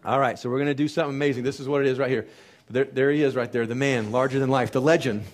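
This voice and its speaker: A man, a doctor hosting a wellness seminar, giving a lively motivational talk to a live audience and asking them lots of rhetorical questions. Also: medium pitch, racing. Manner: energetic, pep-talk style with rhetorical questions.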